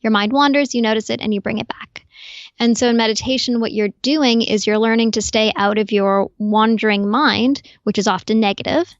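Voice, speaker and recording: A woman guest on a podcast, explaining calmly and clearly in an instructive way. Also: fairly high pitch, brisk, no echo, lo-fi sound. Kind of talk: explanatory interview talk.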